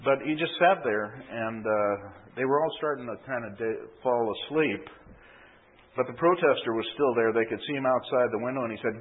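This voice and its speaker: A pastor preaches a sermon, telling an illustration story and often tacking on a checking "okay?". His medium-pitched voice is brisk with a breathy edge, and the recording sounds tinny, like a phone.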